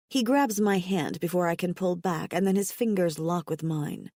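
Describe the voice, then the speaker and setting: Woman audiobook narrator, first-person romance, intimate measured read, dry close sound. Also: fairly low pitch, darkish tone, dry recording.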